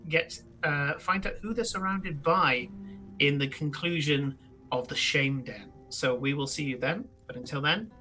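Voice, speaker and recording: A man running a tabletop game stream, his voice very bright and a little high for a man. He rambles through thanks and plans, full of ums and restarts. Faint music plays under him. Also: unhurried. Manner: rambling, lots of fillers and restarts. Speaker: game master. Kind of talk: live-streamed tabletop game, narrating and chatting.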